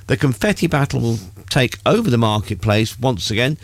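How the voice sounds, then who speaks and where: A middle-aged man hosts a local radio show, reading community listings between easygoing banter. His pitch moves a lot as he talks, with a wry, dry humour. The sound is close and dead, with no room echo. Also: expressive, a little fast. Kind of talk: casual radio chat with local announcements.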